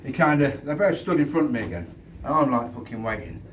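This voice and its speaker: A middle-aged Englishman, once a doorman, tells a fight story bluntly and swears freely, in stops and starts. He is recorded outdoors and sits well back from the mic. Wind rushes across it. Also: medium pitch, very animated. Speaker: former doorman. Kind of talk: casual storytelling to camera. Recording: distant mic with wind noise.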